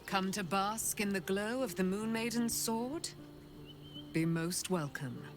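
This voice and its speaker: A welcoming woman at a shrine, voiced by an actress speaks with hushed, formal calm. She takes her words very slowly, at a mid pitch. Soft game music plays behind her. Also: lightly acted. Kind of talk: video game voice acting.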